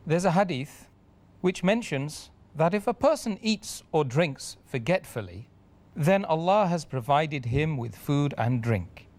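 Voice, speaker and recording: A man's voice: fairly high pitch, lively intonation, a little slow, a little mellow. A man hosting an interview, politely thanking his guest and reading out audience questions. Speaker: host.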